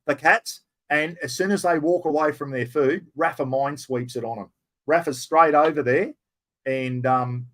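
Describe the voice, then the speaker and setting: A middle-aged Australian man hosting a casual live stream, answering viewer questions in a blunt, rough-spoken, matey way. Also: medium pitch, fairly bright tone.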